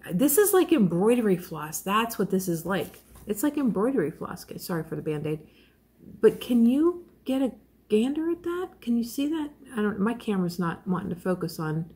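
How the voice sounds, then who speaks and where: A woman's voice: fairly low pitch, vocal fry, mellow. A woman vlogger chatting casually while unboxing a crochet kit, gushing and self-deprecating, rambling with fillers and small laughs.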